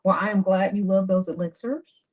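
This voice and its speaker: A woman giving dating advice in a chatty, animated livestream talk. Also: medium pitch, moderate pace. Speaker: advice host. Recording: dull lo-fi sound.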